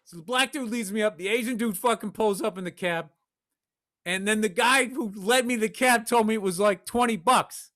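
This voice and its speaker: A man from Massachusetts, co-hosting a podcast and telling a profane, animated story in casual chat. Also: high voice, moderate pace. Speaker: podcast co-host.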